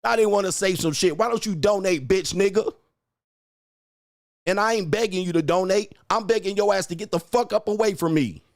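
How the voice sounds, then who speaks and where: Speaking a little fast in a high-pitched voice, a man hosting a livestream tears into his viewers with profanity, insults and taunts he keeps repeating. He is a dating coach. The studio recording is clean and free of echo.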